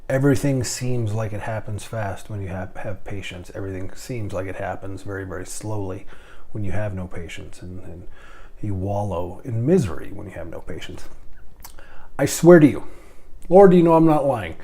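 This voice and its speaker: A man's voice: lowish voice, moderate pace, dark tone. A middle-aged man, a podcast host and airline captain, rambling and stammering through a casual monologue.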